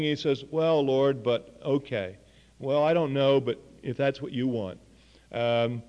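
A man's voice: on the high side, a little mellow, big-room sound, lo-fi sound. A man preaching a sermon, telling a story earnestly and voicing the people in it. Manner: earnest storytelling with quoted dialogue.

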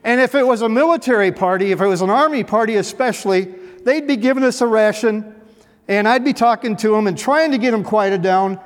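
An echoey hall carries the high-pitched, fairly quick voice of a middle-aged ex-cop. He tells an audience humorous stories in a folksy manner, poking dry fun at himself.

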